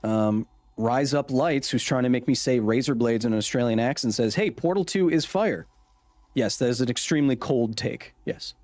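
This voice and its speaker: A man's voice: medium pitch, steady tone, moderate pace, a little mellow, no echo. A man hosting a casual gameplay livestream, joking as he reads and answers his chat's messages. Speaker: livestream host.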